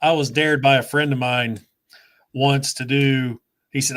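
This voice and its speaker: A man's voice: medium pitch, steady tone, a little slow, fairly bright tone. Enthusiastic man explaining toys. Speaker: toy reviewer and host. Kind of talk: casual live chat.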